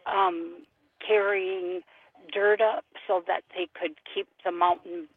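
A man's voice: sits high, fairly even intonation, takes it slowly, dry recording. A man calling in to a radio show, talking hesitantly and searching for words with fillers. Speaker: caller. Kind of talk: call-in radio chat. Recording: tinny phone line.

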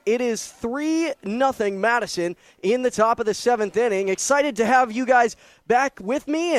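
A man's voice: very high voice, no room sound. A young man calling a baseball game on the radio, upbeat and chatty, a little out of breath. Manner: upbeat, chatty, apologizes for slips. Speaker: baseball play-by-play announcer. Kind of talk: live radio play-by-play commentary. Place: ballpark press box in rain.

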